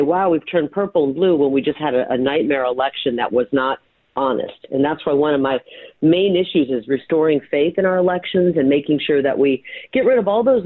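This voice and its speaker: Over a tinny, dry phone line with no room sound, a deep-voiced woman speaks as a political candidate guest. She is forceful and emphatic, delivering blunt campaign talk with some fillers.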